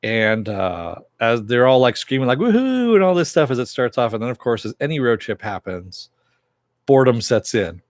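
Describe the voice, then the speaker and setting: A man's voice: mid-range voice, normal speed, no room sound, clean studio sound. A man reviewing a TV episode, casually retelling the plot in a loose, rambling way and chuckling now and then. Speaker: TV series reviewer.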